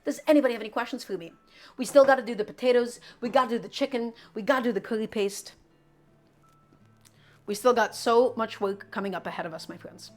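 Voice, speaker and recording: Young woman streaming herself cooking, chatty and upbeat, kinda high voice, bit of music in the background. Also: quick pace. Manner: chatty, upbeat, answers chat while cooking. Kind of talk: live-stream cooking demonstration.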